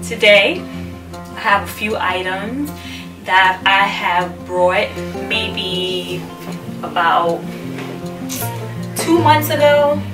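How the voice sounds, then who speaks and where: A woman's voice: mid-range voice, animated, drawn-out words, pauses often, echoey room, far from the mic, music in the background. A woman chatting casually to camera about clothes she bought, candid and full of fillers, a little out of breath. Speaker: fashion haul vlogger. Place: busy room at home.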